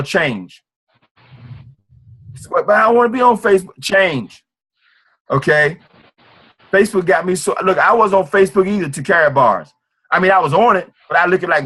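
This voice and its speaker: A man leads a motivational business meeting with an emphatic, repetitive drive that recalls a preacher. His voice sits a touch higher than most men's. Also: a bit bright. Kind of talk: motivational sales presentation.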